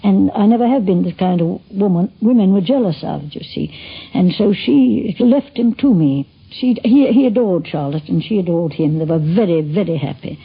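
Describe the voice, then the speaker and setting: Older woman, very husky, fond reminiscence, lo-fi old radio. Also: mid-range voice, normal speed. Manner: gravelly, husky, chatty with asides. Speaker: interviewee reminiscing. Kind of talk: spoken recollection. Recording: lo-fi 1950s radio recording.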